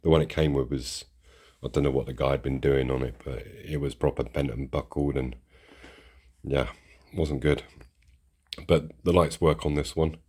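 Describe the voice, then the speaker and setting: A man's voice: a bass voice, fairly even intonation, normal speed, long pauses, a little mellow, breathy edge. A man chatting casually and rambling as he unboxes and shows off model trains for his channel. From United Kingdom. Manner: chatty and rambling, restarts sentences. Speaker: model railway channel host. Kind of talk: casual chat while unboxing.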